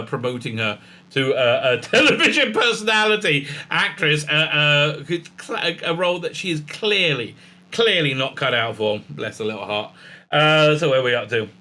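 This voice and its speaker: A man's voice: on the high side, sharp tone. A man hosting a sarcastic, rambling commentary show, full of fillers and mocking put-on voices. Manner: sarcastic, mocking, often puts on silly gushing voices; many fillers and restarts, reads out article passages. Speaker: commentary channel host. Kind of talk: casual ranting commentary.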